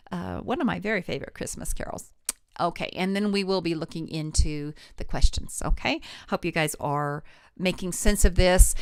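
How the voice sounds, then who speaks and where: A woman's voice: lowish voice, smooth, no room sound, clean studio sound. A middle-aged woman teaching a live online singing lesson, encouraging her viewers and demonstrating vocal exercises. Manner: demonstrates vocal exercises, sings and slides between notes; encouraging, addresses viewers directly.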